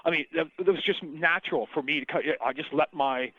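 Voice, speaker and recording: A man's voice: a little high, quick pace, no room sound. A middle-aged man, a singer, telling his story in a casual interview, rambling and swearing freely with lots of restarts. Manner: rambling, profane, restarts often. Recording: tinny phone-line sound, dry.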